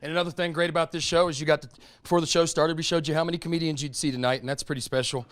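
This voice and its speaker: A stand-up comedian from North Alabama with an Alabama Southern accent, drawling and self-deprecating, working a live audience on stage. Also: male voice, a little high, steady tone, racing, a bit bright.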